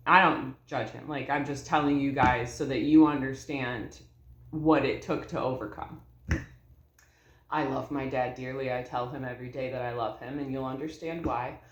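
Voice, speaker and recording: A woman's voice: very deep voice, steady tone, normal speed, lo-fi sound. Earnest woman in her thirties, echoey room. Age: 30s. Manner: earnest, heartfelt, addresses viewers as y'all. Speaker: vlogger. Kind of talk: personal storytelling to camera.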